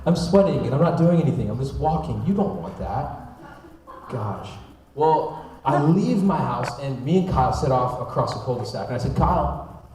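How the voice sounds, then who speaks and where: A young man preaching a sermon, telling a personal story in a chatty, animated way. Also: mid-range voice, moderate pace, noisy background. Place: church sanctuary. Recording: echoey church hall from far off.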